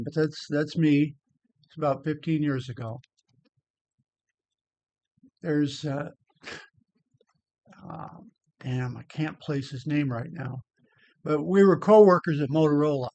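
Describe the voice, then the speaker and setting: A man's voice: on the high side, dry recording. An older man rambling casually over photos of an old hike, blunt, with many repeated words. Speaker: vlogger.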